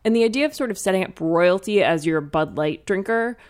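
A woman's voice: medium pitch, expressive, brisk. A woman in a casual podcast chat, thinking aloud and hedging with "sort of". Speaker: podcast co-host.

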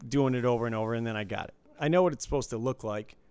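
Detroit man, easygoing, gravelly, smooth and resonant, dry studio. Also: medium pitch, very fast, darkish tone, no echo. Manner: easygoing, rambling, self-deprecating. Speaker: casino dealer, podcast co-host. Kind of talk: casual chat.

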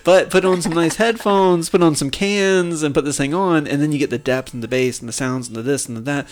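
A man's voice: a little high, a little fast. A man co-hosting a music podcast, chatting casually and profanely about an album, laughing often and mimicking sounds. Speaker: podcast co-host. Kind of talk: casual music review chat.

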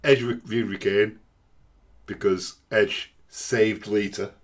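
A man's voice: lowish voice, fairly even intonation, slow. A man on a casual podcast, explaining things in a dry, matter-of-fact way. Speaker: podcast co-host. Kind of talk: casual chat.

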